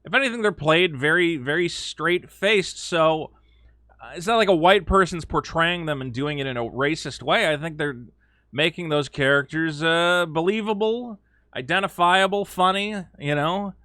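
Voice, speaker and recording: Animated sarcastic man with a bright voice. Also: a little high, moderate pace, no room sound, studio quality. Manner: animated, sarcastic, uses mocking quoted voices and frequent fillers. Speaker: commentary video host. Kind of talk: casual opinion commentary.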